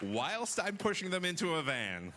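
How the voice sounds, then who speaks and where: A man's voice: on the high side, huge pitch swings, moderate pace, crowd noise, noisy background. A man in his forties doing stand-up, with a dry, self-deprecating delivery. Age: 40s. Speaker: stand-up comedian. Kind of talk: stand-up comedy set. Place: comedy festival stage before a live audience.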